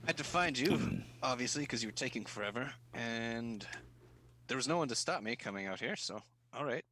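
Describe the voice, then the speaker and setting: A man playing a tabletop game, speaking in halting, casual in-character banter. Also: medium pitch, expressive, bright, forceful tone, slight background noise, rough recording. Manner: halting, restarts often. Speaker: player.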